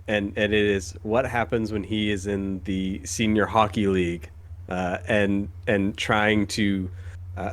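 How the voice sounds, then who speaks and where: A man with a fairly low voice, raving enthusiastically on a casual podcast. He tells stories with animated energy, tripping over his words as he rushes on. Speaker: podcast co-host. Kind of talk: casual chat.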